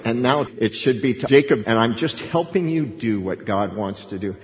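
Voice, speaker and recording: An older man teaching a bible study as a pastor, animated storytelling and acting out the voices of the people in the story. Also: medium pitch, moderate pace. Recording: dull recording in a long-reverb hall.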